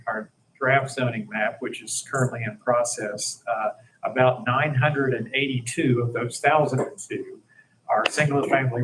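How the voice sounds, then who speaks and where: A man presenting a draft ordinance at a city council meeting, plain-spoken and filling pauses with "uh" as he talks through slides. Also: mid-range voice, fairly bright tone, a little hiss or hum, low-quality recording. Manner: self-deprecating, plain-spoken, many fillers.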